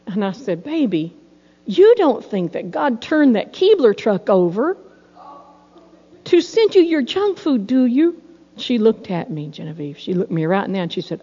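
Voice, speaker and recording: A middle-aged woman preaching a sermon, telling folksy personal stories in a lively, storytelling way. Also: a little high, normal speed. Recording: dull sound in a reverberant hall.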